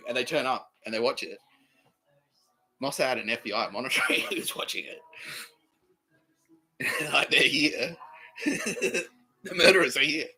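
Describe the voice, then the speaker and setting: Husky, animated man rambling. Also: on the high side, rough recording. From Australia. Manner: laughs often, swears, acts out quoted exchanges. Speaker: podcast host. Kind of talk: rambling comedic monologue.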